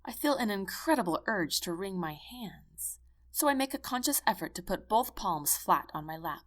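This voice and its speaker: Expressive woman reading a first-person story. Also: medium pitch, moderate pace. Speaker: audiobook narrator. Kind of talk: first-person audiobook narration.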